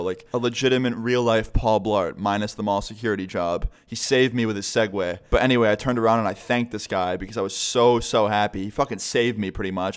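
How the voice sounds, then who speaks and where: A young man vlogging a casual storytime, rambling and swearing a lot. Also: lowish voice. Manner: rambling, profane, chatty.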